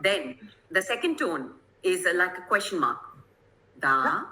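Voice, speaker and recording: A woman's voice: fairly low pitch, big pitch swings, moderate pace, pushed and bright, slight background noise, poor audio. A woman from Kerala, giving an online lecture to teachers over a video call, explaining things patiently and often checking whether her listeners follow. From Kerala, India. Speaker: guest presenter.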